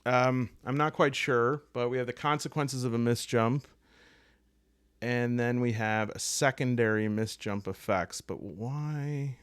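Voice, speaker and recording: A man's voice: mid-range voice, smooth, no echo, clean studio sound. A man with a Midwestern accent walking through tabletop game rules on his own, thinking aloud and cracking jokes. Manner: rambling, joking asides, thinking aloud. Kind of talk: solo tabletop rules walkthrough.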